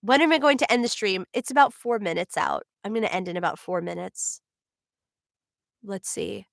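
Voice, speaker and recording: A woman's voice: mid-range voice, animated, moderate pace, vocal fry, dry recording, studio quality. A voice actress with a New Jersey accent chatting casually with viewers on her livestream, bubbly and full of laughs and "like"s. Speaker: voice actor hosting a signing stream.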